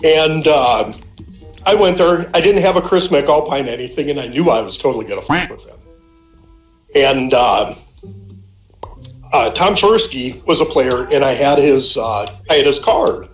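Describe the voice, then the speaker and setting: Profane, animated man in his fifties. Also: a little high, roomy sound. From Minnesota, USA. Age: 50s. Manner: animated, profane storyteller who acts out quotes. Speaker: guest, a friend's dad on a call. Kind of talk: casual storytelling on a voice call. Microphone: voice call.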